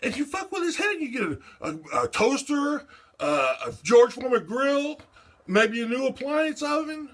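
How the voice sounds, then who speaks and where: An older man with a strikingly high voice and a sharp, bright edge rants in a rambling monologue. His pitch swings widely as he lurches erratically between subjects, profane and agitated throughout. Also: big pitch swings, moderate pace.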